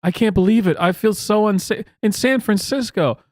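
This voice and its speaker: Mocking whiny woman, played by a man, raised pitch, overdone self-pity. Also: normal speed, a little mellow, no echo, clean studio sound, close to an everyday voice. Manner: exaggerated sarcastic mimicry.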